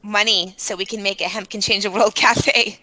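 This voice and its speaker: A woman's voice: mid-range voice, steady tone, moderate pace, sharp tone, poor audio. A woman chatting enthusiastically on a casual podcast, using slang.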